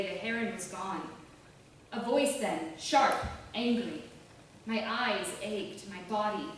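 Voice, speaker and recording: A woman giving a measured, deliberate literary reading of a novel. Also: medium pitch. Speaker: author reading her novel. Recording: roomy, distant, faint hiss.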